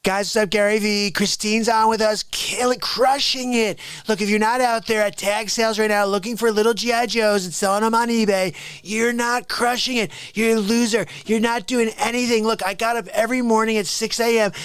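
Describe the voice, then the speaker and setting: A man's voice: sits high, fairly even intonation, fairly quick, a bit bright, clean tone, dry recording. A man doing an impression of a brash, pushy male entrepreneur giving a blunt, hectoring pep talk.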